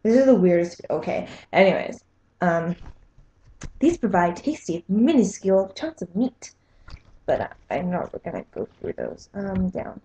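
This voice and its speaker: A woman's voice: fairly low pitch, very animated, unhurried, mellow. A young woman in a casual vlog, squeamish and self-mocking as she talks to the camera. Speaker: vlogger. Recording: echoey room.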